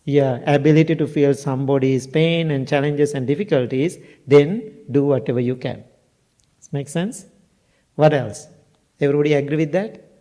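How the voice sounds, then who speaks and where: An older man, a Buddhist monk, giving a dharma talk to a temple audience, speaking slowly and plainly with simple broken grammar and questions to the listeners. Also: fairly high pitch, dark tone.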